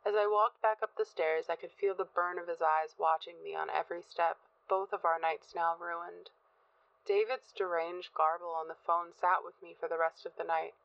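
A woman reads a first-person horror story aloud at a measured, tense pace. Her voice sits low, and the recording sounds dull, close and dry, with no room echo. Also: steady tone, creaky. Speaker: narrator. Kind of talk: audiobook narration of a horror story.

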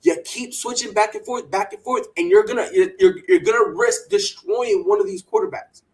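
A man's voice: high voice, normal speed, rough recording. A man hosting a sports podcast, ranting with strong opinions and mocking quotes in a put-on voice. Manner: animated, heated rants with mocking put-on quotes. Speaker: podcast host.

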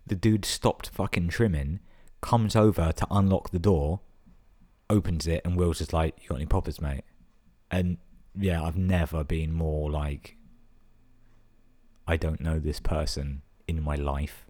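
A man's voice: extremely low pitch, fairly even intonation, measured pace, dark tone. A young man tells stories casually, swearing a lot and filling his talk with 'like'. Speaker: vlogger telling stories. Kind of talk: casual storytelling.

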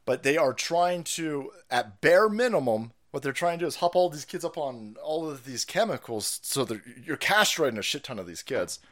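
Foul-mouthed ranting male streamer, swooping pitch. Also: lively intonation, moderate pace, few pauses. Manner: foul-mouthed, loud, laughing, jumps between mumbling and yelling.

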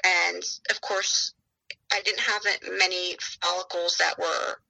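A woman in her thirties tells her story on a podcast in a casual, rambling way, acting out each person's words. Her low voice is very bright and gravelly, with a husky edge. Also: flat delivery, measured pace, low-quality recording. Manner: chatty, retells dialogue with many "she's like". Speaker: guest sharing her fertility story.

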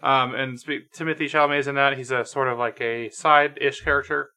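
A man co-hosting a podcast, chatting casually about movies and often pausing to find his words. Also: mid-range voice, steady tone, pushed and bright. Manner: hesitant, lots of fillers and restarts while searching for words. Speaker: podcast co-host. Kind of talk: casual movie review chat.

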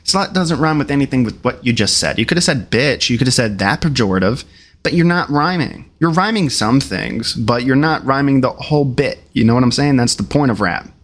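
Male podcast host, profane and sarcastic, very lively pitch. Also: brisk. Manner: blunt, profane, mocking; mimics rappers in a high voice. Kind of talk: casual commentary reacting to clips.

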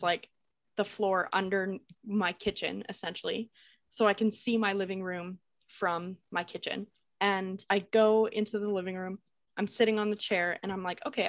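A young woman casually telling a ghost story on a podcast, animated, laughing and swearing as she goes. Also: medium pitch, no room sound. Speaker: podcast co-host.

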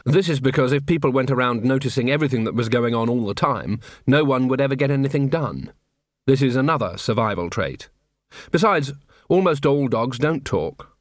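A man narrating a comic fantasy audiobook in a measured, dry storytelling manner. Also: medium pitch, expressive, no room sound. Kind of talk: scripted narration.

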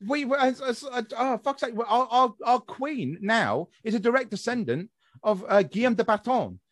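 A man's voice: very high-pitched, lively intonation, normal speed, no echo, studio quality. A young man hosting a casual podcast chat, ranting and swearing freely as he talks. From England. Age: young adult. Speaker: podcast host.

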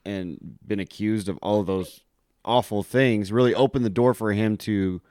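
A man's voice: on the low side, moderate pace, a little mellow, clear, resonant tone, no room sound, clean studio sound. Blunt, crude male co-host. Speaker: podcast co-host. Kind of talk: casual chat.

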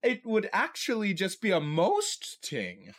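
A man voicing a gruff middle-aged blacksmith who cracks a dry joke. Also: high voice, wildly swooping pitch, unhurried, a bit bright, voice pushed up, heavily acted. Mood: wry.

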